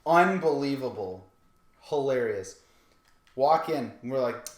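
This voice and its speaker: A man's voice: medium pitch, measured pace, echoey room. A man casually telling stories on a podcast livestream, laughing a lot and acting out what people said. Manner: animated storyteller, laughs a lot, acts out quotes. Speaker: podcast co-host.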